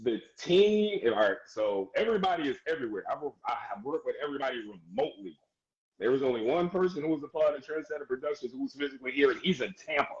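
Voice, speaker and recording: A man who works as a DJ, chatting casually as a guest in a live-stream interview, animated and laughing often as he gives shout-outs. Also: mid-range voice, quick pace, dull audio. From United States.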